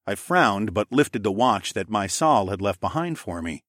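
A man narrating a story in the first person, in an even, matter-of-fact way. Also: lowish voice, normal speed, no room sound, studio quality. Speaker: audiobook narrator.

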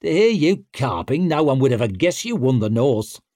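A brash young warrior king swaggers through his lines, loud and boastful, pitched high with a cocky edge, as a man reads him aloud. The storybook recording is close and dry. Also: sing-song, normal speed, dry recording, natural voice. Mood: mocking.

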